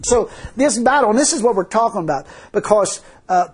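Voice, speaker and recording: A man's voice: high voice, animated, a little fast, breathy edge. A man preaching a fervent sermon, telling a story and repeatedly crying hallelujah.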